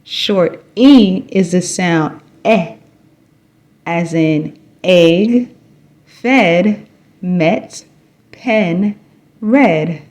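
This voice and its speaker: A woman teaching phonics, reading sounds and example words one at a time with long pauses between them. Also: on the low side, darkish tone. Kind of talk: slow, paced phonics instruction.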